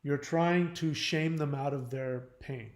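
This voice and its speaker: A man speaks frankly and bluntly as he hosts a live advice stream, answering questions from chat. His delivery rambles loosely with fillers and restarts, and his voice sits a little high. The sound carries a clear roomy echo. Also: takes it slowly. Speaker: channel host on relationships and codependency.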